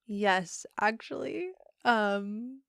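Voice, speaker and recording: A young woman in her twenties telling a personal story in a casual interview, soft-spoken with many pauses and ums. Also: on the high side, animated, gravelly, smooth, dry recording, clean studio sound. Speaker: podcast guest.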